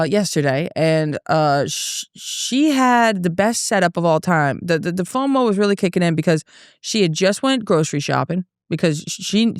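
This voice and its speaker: A woman's voice: medium pitch, no room sound, clean studio sound. A young woman from the Boston area with a Boston accent, hosting a solo podcast and rambling through stories while drinking beer. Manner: profane, rambling, tipsy storytelling with frequent restarts. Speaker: podcast host and comedian. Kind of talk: casual solo podcast rant.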